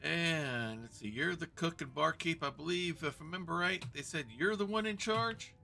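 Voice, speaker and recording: A man's voice: a little high, moderate pace, vocal fry, bright, forceful tone, soft background music. A man from Kentucky giving chatty let's-play commentary, role-playing his way through a fantasy game and chatting with viewers and characters. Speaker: gamer role-playing as himself.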